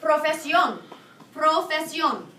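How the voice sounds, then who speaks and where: Woman, Spanish teacher, call-and-response drilling, clear bright voice, echoey classroom, distant camera. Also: high-pitched, lively intonation, slow pace, slight background noise. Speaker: high school Spanish teacher. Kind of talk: classroom review lesson.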